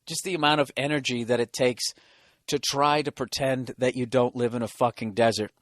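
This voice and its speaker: A man's voice: mid-range voice, fairly even intonation, moderate pace, a bit bright, no room sound, studio quality. A man hosting his own podcast from a hotel room, ranting in a sarcastic, profane, rambling way. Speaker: podcast host. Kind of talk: solo comedic podcast rant.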